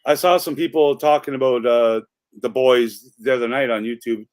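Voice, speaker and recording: Casual male streamer, mid-pitch, loose and rambling with filler words. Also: fairly even intonation, moderate pace, darkish tone, no room sound. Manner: rambling, chatty, full of "like". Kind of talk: casual chat.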